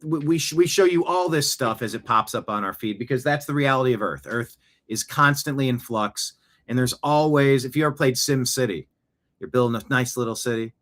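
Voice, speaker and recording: A man's voice: mid-range voice, a little fast, fairly bright tone. A man hosting a political talk show, speaking emphatically and repeating phrases for effect. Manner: emphatic, repeats phrases, acts out quoted voices. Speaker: show host. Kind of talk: opinionated political commentary.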